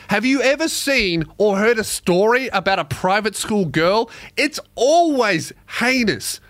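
Profane ranting Australian man, high voice. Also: a little slow, few pauses, dry recording. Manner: profane, sarcastic, animated ranting. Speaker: podcast host, comedian. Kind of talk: comedic rant.

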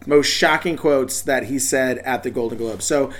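A man's voice: mid-range voice, moderate pace, noisy background. A man co-hosting a casual podcast, rambling and laughing often in tipsy banter. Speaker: podcast co-host. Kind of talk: casual chat.

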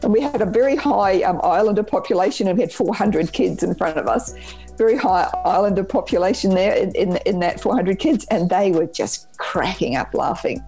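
A woman with a New Zealand accent, a guest on a podcast, telling stories in an upbeat, animated way. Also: medium pitch, a little fast, faint music behind, poor audio. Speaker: podcast guest, business trainer. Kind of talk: casual podcast interview.

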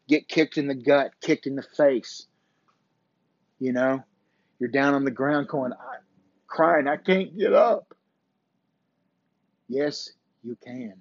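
A man's voice: mid-range voice, dry recording. A man hosting a faith podcast, giving an earnest, preachy motivational talk like a coach, with mild swearing, on a dull, dry, lo-fi recording. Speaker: podcast host.

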